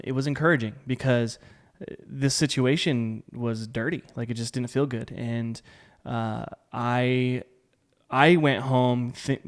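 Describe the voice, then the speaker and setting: A man speaks in a casual podcast chat, candid and plainspoken. He puts firm emphasis on his points. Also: mid-range voice. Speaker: podcast co-host, husband.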